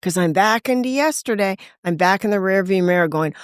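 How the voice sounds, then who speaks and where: A woman's voice: mid-range voice, expressive, a little fast, clean tone, dry recording, clean studio sound. A woman, a podcast guest, telling her recovery story in candid conversation, acting out quoted voices and laughing often.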